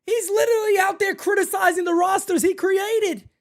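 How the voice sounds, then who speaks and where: A man hosting a fan live stream, ranting about sports in a loud, excitable way. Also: extremely high pitch, moderate pace.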